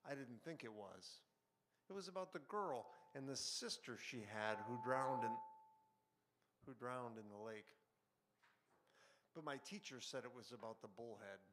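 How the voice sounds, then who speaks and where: A man in a broadcast studio reading a short story he wrote, with relaxed, conversational asides and filler words between passages. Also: medium pitch, measured pace, long pauses, a little hiss or hum. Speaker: author reading his own fiction. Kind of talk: live fiction reading with casual asides.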